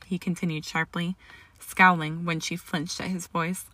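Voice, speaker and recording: A woman reading a story aloud in a steady, measured way. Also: lowish voice, dry recording. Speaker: fan fiction reader. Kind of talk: story narration.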